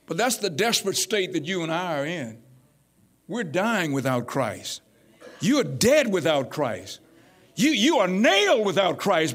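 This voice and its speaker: A pastor preaching a sermon, calling out to his congregation and building to shouts. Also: high-pitched, very animated, unhurried. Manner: call-and-response preaching, rising to shouts.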